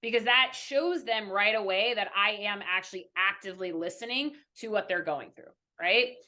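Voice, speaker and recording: A woman's voice: mid-range voice, normal speed, sharp tone. A young adult woman, a mindfulness coach on a podcast interview, explaining earnestly and checking in with "right?" after nearly every point. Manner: earnest, frequent "right?" tags, teacherly.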